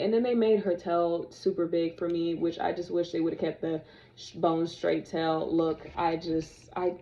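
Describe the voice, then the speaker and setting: A young woman vlogging to camera in casual, opinionated chat, sassy and animated as she talks straight to her viewers. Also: lowish voice, unhurried, muffled recording. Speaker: vlogger reviewing dolls.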